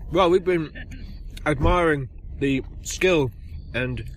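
A man's voice: fairly high pitch, slow, slight background noise. A man co-hosting a casual podcast from inside a small tent, making dry, jokey asides. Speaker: podcast co-host. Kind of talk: casual chat.

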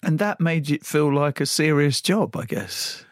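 A man's voice: a little high, animated, unhurried, dry recording, studio quality. A man hosting a radio interview, asking friendly, curious questions. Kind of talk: casual interview.

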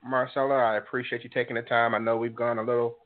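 A man's voice: mid-range voice, flat delivery, fast talker. Radio host man on a thin line. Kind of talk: hosting a call-in talk show. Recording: tinny phone-like line.

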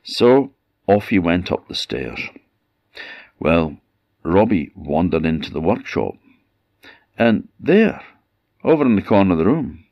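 A man with an Orkney Scottish accent telling a folk tale in a measured, conversational way. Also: deep voice, no room sound, highs cut off. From Orkney, Scotland. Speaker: storyteller.

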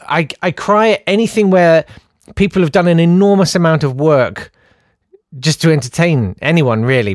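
Male podcast host, very expressive pitch, dry close-mic sound, wry and theatrical. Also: no room sound. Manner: animated, self-deprecating, reads messages aloud with mock-dramatic voices. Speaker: podcast host reading listener messages. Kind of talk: casual chat.

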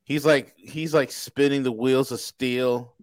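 A man's voice: medium pitch, steady tone, takes it slowly, no room sound, studio quality. A man hosting a podcast, joking and teasing his co-hosts in casual banter. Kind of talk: casual chat.

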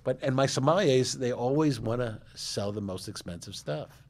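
A man, a restaurateur telling animated stories in a casual interview, with many restarts and "you know"s. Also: mid-range voice, normal speed. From Manhattan, New York. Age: 60s. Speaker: guest, restaurateur.

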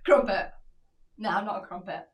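A woman's voice: medium pitch, big pitch swings, a little fast, distant mic, dull audio. A woman in her twenties co-hosting a podcast in casual, teasing chat, swearing and giggling with her friend. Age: 20s. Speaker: podcast co-host.

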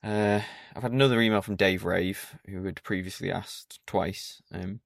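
On his solo podcast, a man speaks at normal speed with fairly even intonation in a low, gravelly voice with fry. His manner is dry, pedantic and mock-stern, and the close recording is dry with no room sound.

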